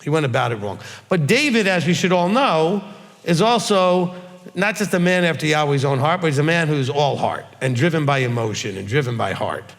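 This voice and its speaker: A man's voice: on the high side, animated, moderate pace, fairly bright tone. A man, teaching as a rabbi in a folksy sermon style, often checking in with "okay?". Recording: long hall reverb.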